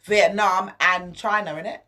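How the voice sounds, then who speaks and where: A woman's voice: mid-range voice, steady tone, unhurried, bright, forceful tone, distant mic. A woman co-hosting a radio talk show in a studio, chatty and telling anecdotes. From England. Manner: chatty, tells anecdotes, laughs easily. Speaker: co-host. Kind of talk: casual talk-show chat.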